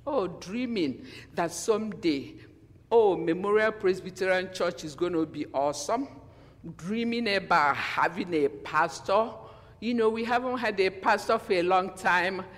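A man preaching a sermon in a church, animated and acting out quotes in different voices, often asking the congregation questions. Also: high-pitched, unhurried. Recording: long hall reverb.

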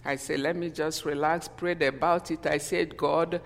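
A woman's voice: deep voice, steady tone, moderate pace, creaky. Woman preacher giving a sermon, emotional, lots of "you know", long echo like a big hall. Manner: emotional, repeats "you know", stops and restarts lines. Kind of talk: sermon, personal testimony.

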